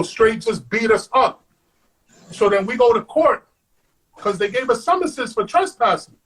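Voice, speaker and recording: A man, a guest on an interview show, telling stories in an animated way, acting out quotes and saying "man" all the time. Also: high voice, slightly rough, low-quality recording. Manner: animated, acts out quotes, says "man" constantly. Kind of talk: storytelling.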